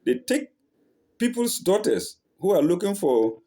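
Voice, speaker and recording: A man teaching the Quran verse by verse, reciting lines and then translating them slowly, often correcting himself and checking in with "eh?". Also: high voice, very animated, warm tone. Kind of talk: verse-by-verse scripture lesson.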